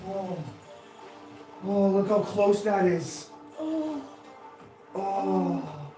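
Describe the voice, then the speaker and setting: Excitable high-voiced man streaming trick shots. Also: very slow, long pauses. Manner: excitable, breaks into loud exclamations. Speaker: live-stream host doing knife-throwing trick shots. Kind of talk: casual live-stream chat. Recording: echoey room, voice far from the mic, music behind.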